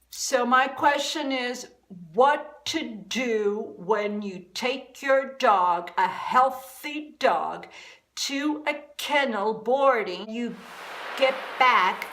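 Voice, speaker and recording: A woman's voice: a little high, a bit bright, rough recording. A woman vlogger delivering a furious, repetitive rant to the camera. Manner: furious, repeating herself, emphatic.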